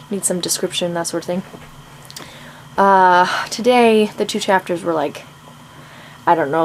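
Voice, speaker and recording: A woman's voice: fairly low pitch, slight background noise, poor audio. Chatty woman vlogger, laughing and rambling. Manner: chatty, rambling, laughs often, many ums. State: out of breath. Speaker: writer vlogging her writing challenge. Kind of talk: casual chat to camera.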